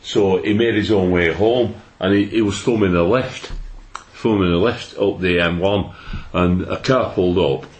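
A man's voice: sits low, normal speed, a little hiss or hum. A man, chatting as a podcast co-host and telling football anecdotes at length. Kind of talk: casual chat. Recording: roomy echo.

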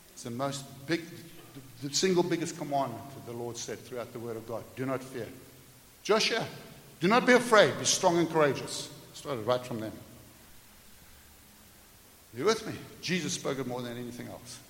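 Animated preacher man in an echoey hall. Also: medium pitch. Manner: animated, acts out everyday scenes, jokes with the congregation. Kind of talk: sermon. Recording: echoey hall with faint hiss.

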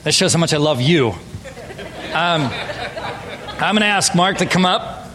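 A pastor from Southern California preaches a sermon to his church in the sanctuary, speaking conversationally and joking playfully with the congregation. His fairly high voice is expressive and unhurried. The low-quality recording has a big-room sound with a crowd in the background.

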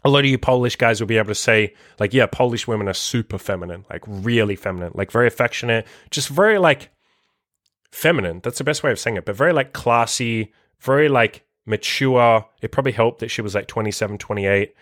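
A man's voice: medium pitch, fairly quick, a bit bright, dry recording, studio quality. A young man and dating coach telling a story in a casual monologue, loose and profane, full of fillers and restarts.

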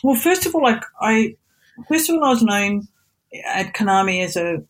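Lively, husky-voiced Australian woman in her middle years, guest on a chat show. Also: mid-range voice, normal speed, poor audio. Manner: animated storyteller, mimics voices. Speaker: voice actress and singer, guest. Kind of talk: casual interview chat.

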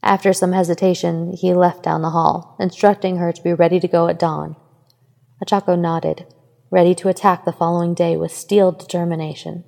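A woman narrating a fan fiction story in a steady, even reading voice. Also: lowish voice, fairly quick, gravelly, big-room sound. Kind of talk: scripted narration.

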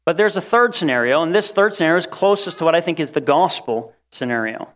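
Male preacher with a slightly high voice, animated sermon delivery, acts out quoted voices. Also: fast.

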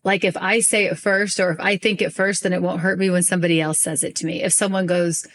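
A woman hosting a podcast in casual chat, talking fast and rambling with lots of fillers. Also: on the low side, level tone, fairly bright tone. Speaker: podcast host.

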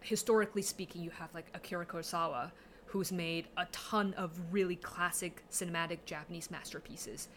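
A woman's voice: on the low side, steady tone, brisk, fairly bright tone, a little hiss or hum. A woman talking casually and analytically about movies, with plenty of fillers. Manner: chatty, analytical, many fillers. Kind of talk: casual film discussion.

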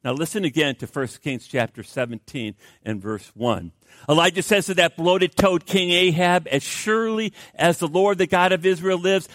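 A middle-aged man preaching a sermon as pastor, swinging between loud urgent pleas and hushed low asides, often repeating words for emphasis. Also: measured pace, no room sound, studio quality.

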